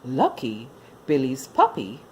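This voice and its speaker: Woman storyteller reading to kids, unhurried, very lively melody. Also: extremely low pitch, slight background noise. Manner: expressive, sing-song. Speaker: children's storyteller. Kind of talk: reading a children's story aloud.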